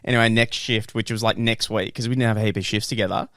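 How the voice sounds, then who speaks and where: A man's voice: fairly low pitch, fairly even intonation, quick pace, a bit bright, no room sound, clean studio sound. A young man, co-hosting a podcast, telling stories in casual chat with frequent laughs and swearing. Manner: laughs often, storytelling with swearing. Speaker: podcast co-host.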